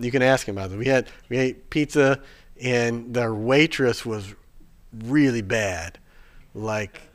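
A man preaching a sermon, telling a personal story in a chatty, rambling way with fillers and restarts, then turning hushed and earnest. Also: mid-range voice, clean tone.

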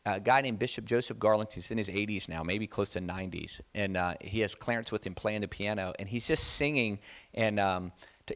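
A man preaching a sermon, telling a personal testimony in a conversational, animated way that builds to loud, emphatic preaching. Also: fairly low pitch.

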